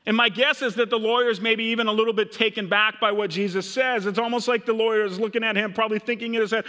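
A man's voice: sits high, steady tone, fast talker, hardly any pauses, pushed and bright, in a large hall. A middle-aged man from Minnesota preaching a sermon, retelling a story and voicing the characters' thoughts. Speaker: pastor.

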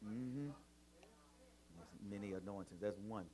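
A Bible study participant who answers the teacher with quiet, short affirmations and echoes of her words. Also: low-pitched, slow, breathy edge.

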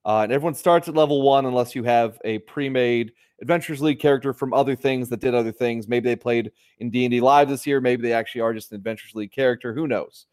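A man's voice: mid-range voice, fast, hardly any pauses, darkish tone, dry recording, studio quality. A man co-hosting a casual chat over a video call, rambling through fillers and restarts. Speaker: podcast co-host.

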